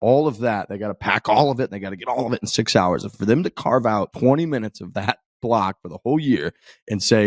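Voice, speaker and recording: A man co-hosting a golf podcast, telling a long story in an animated, profane way and acting out other people's lines. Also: lowish voice, fast, dry recording. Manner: animated, profane, quotes others in his stories. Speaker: podcast co-host. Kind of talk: casual storytelling chat.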